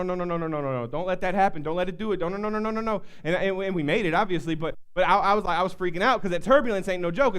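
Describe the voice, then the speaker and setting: A man's voice: high voice, clear, resonant tone. A male pastor preaching an emphatic sermon, repeating words as he builds up.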